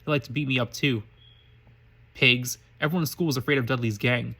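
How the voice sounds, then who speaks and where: A man reading a shy, mistreated eleven-year-old boy aloud from a fan story, quick and stumbling over words. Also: medium pitch, fairly even intonation, pushed and bright. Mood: subdued. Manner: quick reading with frequent slips and restarts.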